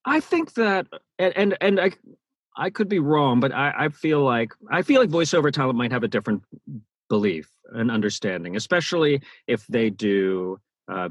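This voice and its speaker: With a lowish, slightly rough voice on a dry recording, a man who narrates audiobooks is interviewed. He speaks animatedly and keeps restarting his sentences and repeating words.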